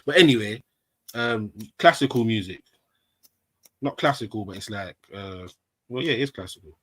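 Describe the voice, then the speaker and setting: A man's voice: fairly low pitch, expressive, moderate pace, bright, forceful tone, no echo. Laid-back slangy man. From Jamaican. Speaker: live stream panelist. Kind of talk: casual panel chat.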